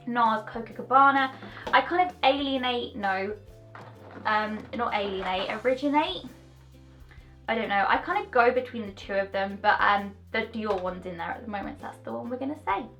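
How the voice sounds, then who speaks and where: A young woman with a fairly high voice rambles cheerfully through a casual beauty review. Her delivery is bubbly and easily sidetracked. Faint music plays quietly in the background. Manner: chatty, bubbly, goes off on tangents. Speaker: beauty vlogger. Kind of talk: casual product review chat.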